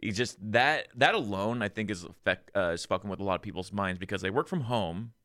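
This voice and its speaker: A man's voice: lowish voice, fairly quick, fairly bright tone, dry recording, clean studio sound. Laid-back man, swearing in casual chat. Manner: loose, filler-heavy, swears casually. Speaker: streamer, podcast co-host.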